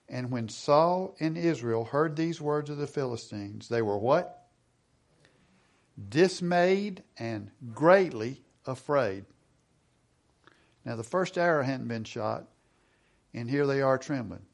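A middle-aged man preaching a sermon. He reads scripture aloud, asks the congregation questions and slows down for emphasis. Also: medium pitch, lively intonation, gravelly. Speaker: pastor.

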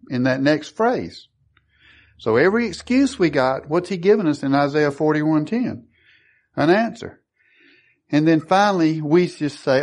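Male preacher, mid pitch, questions the congregation, acts out voices. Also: expressive, unhurried, pauses often, darkish tone. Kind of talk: sermon.

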